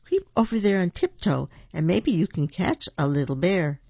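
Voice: mid-range voice, very animated, normal speed, creaky, husky, no echo, full character voice. A reader doing a sly, teasing Mother Bear. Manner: hushed, sly. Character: teasing mother bear who loves a joke. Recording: dull, dry lo-fi recording.

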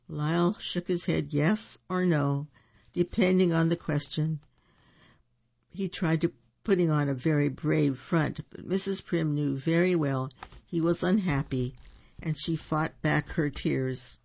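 A gravelly, unhurried voice reading a picture book aloud, stopping now and then for asides about the pictures. The recording sounds dull and lo-fi. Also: mid-range voice, darkish tone. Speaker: storybook reader.

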